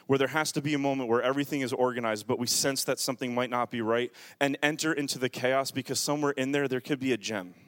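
A man preaching a sermon in a church with a handheld microphone, moving between quiet, reflective passages and loud, fervent calls to his congregation. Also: mid-range voice, no room sound. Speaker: pastor. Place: church sanctuary.

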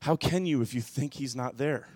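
A man preaching a sermon as pastor, moving from quiet, musing passages to loud, impassioned bursts. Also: medium pitch, normal speed, no room sound, studio quality.

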